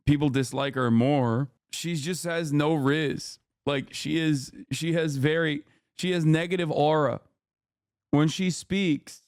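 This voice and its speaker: A man's voice: fairly high pitch, clean tone, no echo. A man hosting a stream, reacting to political clips with blunt, profane, sarcastic commentary into a close mic.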